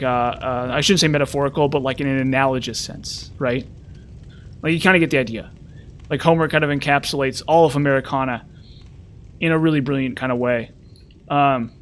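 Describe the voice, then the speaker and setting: A man's voice: medium pitch, slight background noise. A man from the western United States in a rambling casual chat, full of fillers and restarts. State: frazzled. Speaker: streamer.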